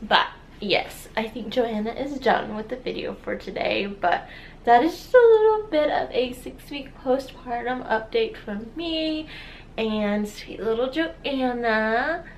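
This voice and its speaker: A young woman talks into the camera at home with a slightly high voice, soft and rambling. She fills her sentences with likes and ums and laughs through tears now and then. A faint hum of room noise sits under her voice. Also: expressive, slow pace. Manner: soft and rambling, with frequent fillers and tearful laughs. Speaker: vlogger, new mother. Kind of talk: casual personal vlog update. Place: at home, holding her baby. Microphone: camera viewfinder.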